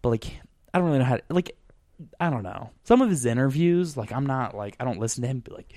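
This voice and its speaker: A man of middle pitch hosts a casual podcast chat. He rambles, starts over and leans on fillers as he searches for words. The sound is dry and close, with no room echo. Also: expressive, fast, warm tone. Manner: rambling, full of fillers and restarts. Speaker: podcast host.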